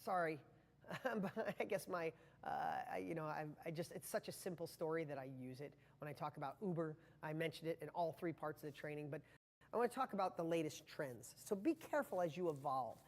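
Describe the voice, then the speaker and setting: A man's voice: a little high, fairly quick, long reverb tail. A man giving a live motivational training talk to viewers, speaking with passion and a rambling flow full of restarts.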